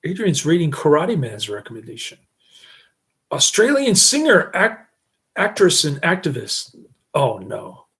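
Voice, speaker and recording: A man giving a casual, rambling movie review, slow and halting, often laughing at his own jokes. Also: on the high side, big pitch swings, vocal fry, fairly bright tone.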